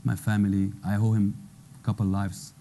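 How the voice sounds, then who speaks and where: An Afghan man in his thirties speaks in earnest, broken English. His voice sits low and mellow, never sharp. A faint background hum sits under his testimony. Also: flat delivery, moderate pace, vocal fry. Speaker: former interpreter, panel guest. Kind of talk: personal testimony at a panel.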